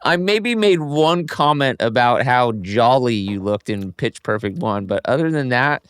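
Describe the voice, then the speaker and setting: A man's voice: medium pitch, animated, unhurried, clear, resonant tone, no room sound, studio quality. Teasing, laughing male podcast co-host. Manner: teasing, laughs between lines. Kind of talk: casual comedic chat.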